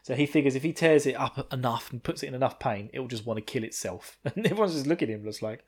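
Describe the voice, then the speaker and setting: A man's voice: mid-range voice, lively intonation, quick pace, a little mellow, husky. A man hosting a podcast, casually recapping an anime episode, rambling, laughing often and swearing freely. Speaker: podcast host.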